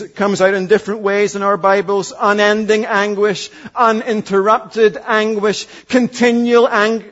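A man in his forties preaching a sermon as pastor, earnest, dropping from loud emphasis to hushed asides. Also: high-pitched, lo-fi sound. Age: 40s.

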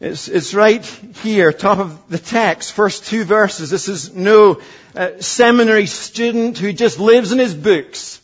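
A man in his forties preaching a sermon as pastor, earnest, dropping from loud emphasis to hushed asides. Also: sits high, slow, slightly rough, muffled recording. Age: 40s.

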